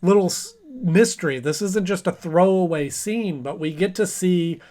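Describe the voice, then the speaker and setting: A man's voice: sits high, lively intonation, moderate pace, darkish tone. A man in his thirties hosting a casual cartoon review show, chatty and playful, often slipping into funny voices.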